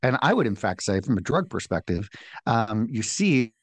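A man's voice: fairly low pitch, sing-song, moderate pace, no room sound. A man co-hosting a casual podcast, chatting wryly with frequent ums. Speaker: podcast co-host. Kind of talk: casual chat.

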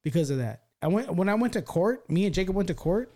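A man's voice: high voice, fast talker. Profane storytelling man, restarts a lot. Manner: profane, rambling, lots of restarts; animated, acts out quoted voices. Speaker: podcast host telling a story. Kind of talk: casual storytelling.

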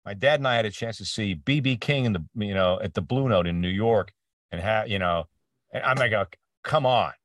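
Animated storytelling man, a bit off-mic. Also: on the low side, fairly quick, dry recording, clean studio sound, recorded from a distance. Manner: storytelling, many restarts, acts out quoted voices. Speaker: voice actor guest. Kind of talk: casual interview conversation.

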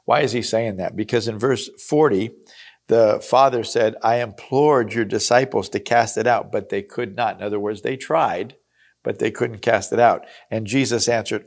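A man reading scripture aloud and explaining it in an earnest, conversational teaching style. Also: lowish voice. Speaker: Bible teacher.

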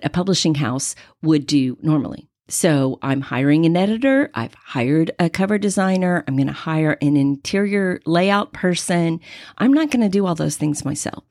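Woman, 60s, podcast host, lively storyteller, dry close mic, faith talk. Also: fairly low pitch, no room sound. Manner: animated personal storytelling. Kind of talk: faith-based podcast monologue.

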